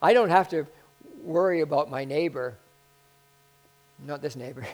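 A man preaching a sermon in an excitable way that swells into loud bursts, then leading a spoken prayer. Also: fairly high pitch, normal speed, long pauses, poor audio. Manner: prays aloud.

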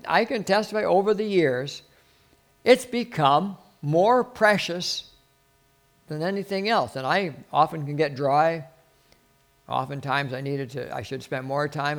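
A pastor delivers an informal sermon to a small group, earnest and rambling with many restarts. His voice is fairly high, and he drops it softly whenever he quotes a prayer.

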